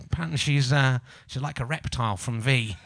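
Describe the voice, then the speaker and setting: A man's voice: medium pitch, brisk, vocal fry, fairly bright tone, a little hiss or hum. A man hosting a live comedy podcast in front of an audience, talking in sarcastic, mock-outraged rants. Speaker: podcast host. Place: live show venue before an audience.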